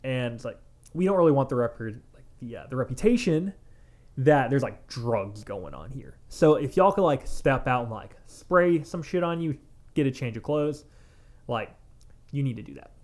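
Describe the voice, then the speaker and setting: A young adult man, a tattoo artist co-hosting a podcast, telling a story in casual chat, animated and laughing, with lots of "like" and swearing. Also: mid-range voice, moderate pace.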